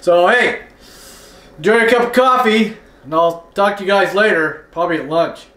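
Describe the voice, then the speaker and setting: A man's voice: sits high, normal speed, a bit bright. A man chatting casually on a vlog, easygoing and enthusiastic, often tagging on "right?". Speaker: vlogger. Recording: echoey room.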